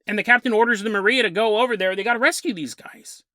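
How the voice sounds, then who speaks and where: A man's voice: sits high, fast, pushed and bright, dry recording, studio quality. A man hosting a podcast, telling an odd story in a chatty, amused way and chuckling as he goes. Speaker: podcast host. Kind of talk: casual storytelling narration.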